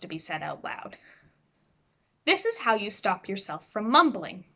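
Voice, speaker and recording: A woman teaching students over a video call, speaking clearly and expressively as she explains reading aloud. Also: mid-range voice, measured pace. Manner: clear, expressive, demonstrates voices. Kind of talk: instructional talk to students.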